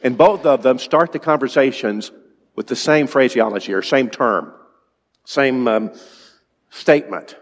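A man's voice: mid-range voice, measured pace. A male preacher giving an evening sermon in a conversational way, asking his congregation questions. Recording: long reverb in a large hall.

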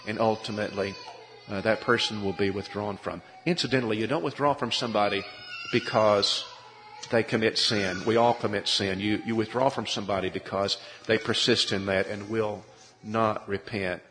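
A man's voice: fairly low pitch, fairly even intonation, moderate pace, a bit bright, soft background music. A man preaching a sermon, earnest and pleading, often repeating his words. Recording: long hall reverb.

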